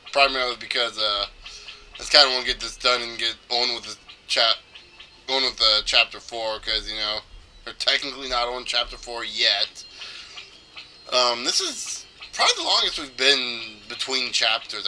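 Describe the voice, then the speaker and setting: A man's voice: mid-range voice, lively intonation, normal speed, pushed and bright, a little hiss or hum. A young man casually commentating a video game, joking and rambling with many fillers. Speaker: let's player.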